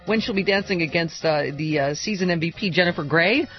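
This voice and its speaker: A woman's voice: fairly low pitch, fairly quick, lo-fi sound, soft background music. A woman co-hosting a morning radio show, reading gossip news with wry asides. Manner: gossipy, reads stories with quips and laughs. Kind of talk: casual morning radio banter.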